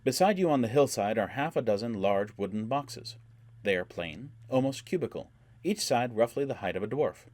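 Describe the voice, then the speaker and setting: A man's voice: medium pitch, expressive, normal speed, a little mellow, no room sound, pitched above the performer's own voice, natural voice. A man voicing a game master describing scenes in an audiobook. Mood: descriptive.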